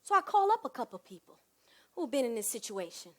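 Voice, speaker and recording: A woman performing a comic one-woman stage monologue, animated, swinging from hushed asides to loud bursts. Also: a little high, a little fast.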